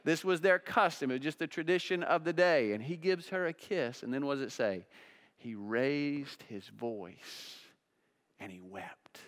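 A man preaching a sermon as pastor, swinging between loud emphatic peaks and hushed low passages, often repeating words for emphasis. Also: a little slow.

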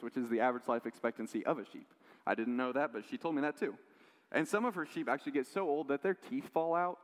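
A man preaching a sermon, telling stories in a lively way with quoted voices and asides. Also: medium pitch. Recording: long hall reverb.

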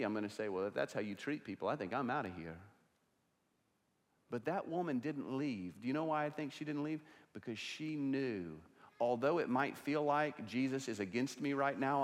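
A man preaching a sermon as pastor, swinging between loud passionate stretches and hushed, quiet ones. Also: mid-range voice, animated, brisk. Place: church sanctuary. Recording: long reverb of a large hall.

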